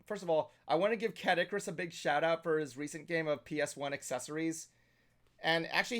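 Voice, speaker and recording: A man hosting a casual nerdy talk show, excitable and swearing freely, with lots of filler words. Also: fairly high pitch. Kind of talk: casual podcast chat.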